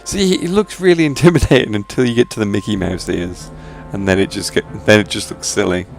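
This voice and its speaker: A man from England with a Birmingham accent commentates casually on a video game as he plays, joking wryly and reading game lines aloud in silly voices. His voice is fairly low, brisk, and creaky, with faint music behind him.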